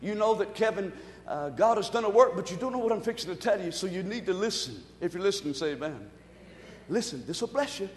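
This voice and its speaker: A pastor preaches with a very high-pitched, excitable voice. He swings from quiet asides to loud shouted bursts. His voice rings through a large, echoing church hall with a long reverb. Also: fast talker. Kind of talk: sermon.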